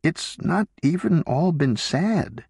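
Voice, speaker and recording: A man voicing an elderly wife who speaks frankly and musingly, his voice raised in pitch. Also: lively intonation, slow pace, vocal fry, darkish tone, husky, no room sound, clean studio sound, heavily acted. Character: elderly woman, calm and candid wife.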